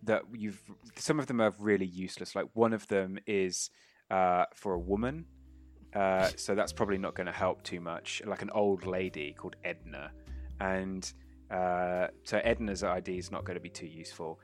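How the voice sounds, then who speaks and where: A man's voice: low-pitched, steady tone, normal speed, faint music behind. A man running a tabletop role-playing game as game master, chatty and laughing often.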